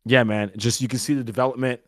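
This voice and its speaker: A man talking casually as a boxing coach and co-host, loose and energetic, with lots of fillers. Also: mid-range voice, fast talker, no echo, clean studio sound. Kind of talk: casual podcast chat.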